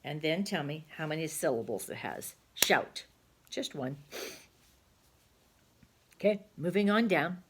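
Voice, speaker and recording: A woman's voice: low voice, expressive, unhurried, long pauses, slight background noise. A woman teaching a phonics lesson to young children, patiently sounding out words aloud.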